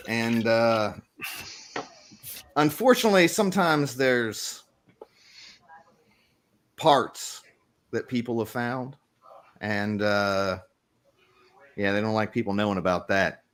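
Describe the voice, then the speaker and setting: A man's voice: mid-range voice, slow, long pauses, fairly bright tone, slight background noise. A man playing a rambling, conspiratorial newspaper reporter as game master in a tabletop role-play. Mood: gossipy. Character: gossipy middle-aged male small-town newspaper reporter.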